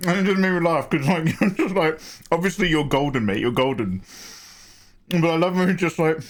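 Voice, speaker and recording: A man's voice: fairly high pitch, normal speed. A man hosting a casual livestream, greeting viewers by name in a chatty way and laughing often. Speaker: art livestream host.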